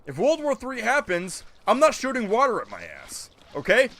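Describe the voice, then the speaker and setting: A man's voice: extremely high pitch, wildly swooping pitch, moderate pace, fairly bright tone. A man streaming a game, chatting casually and ranting in disbelief as he answers his chat. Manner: incredulous, joking rants, answers chat. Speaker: gaming streamer.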